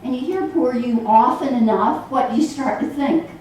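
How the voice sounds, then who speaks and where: A woman minister giving a sermon to a congregation in a church hall, animated and acting out the voices she quotes. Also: sits high, moderate pace, hardly any pauses, muffled recording, a little hiss or hum. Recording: echoey hall, voice from far off.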